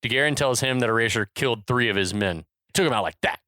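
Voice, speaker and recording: A man's voice: mid-range voice, fast talker, pushed and bright, dry recording. A man co-hosting a podcast, casually recapping a film scene by scene and acting out lines. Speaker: podcast co-host. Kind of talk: casual movie recap chat.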